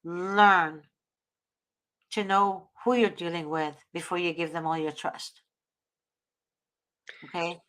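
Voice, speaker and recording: A woman's voice: fairly low pitch, fairly even intonation, slow, pauses often, fairly bright tone. A woman hosting a talk show, giving earnest, preachy advice and often invoking God. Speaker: host.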